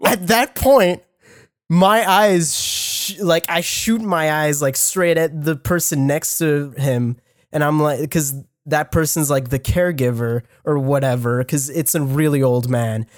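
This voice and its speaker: Animated, foul-mouthed young man telling a story. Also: fairly high pitch, unhurried, dry recording, clean studio sound. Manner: animated, profane, many fillers and restarts. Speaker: podcast co-host, audio engineer. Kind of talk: casual storytelling chat.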